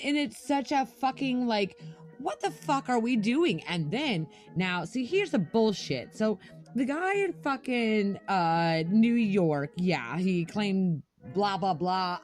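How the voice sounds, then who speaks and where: A young adult woman co-hosting a podcast launches into an angry rant full of swearing during casual chat. Her voice is a little high and a little mellow.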